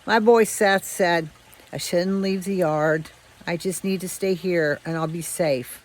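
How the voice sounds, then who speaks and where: A woman's voice: fairly low pitch, measured pace, close to an everyday voice, low-quality recording. A woman voicing an eager, food-loving young male dog in a told story. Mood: firm.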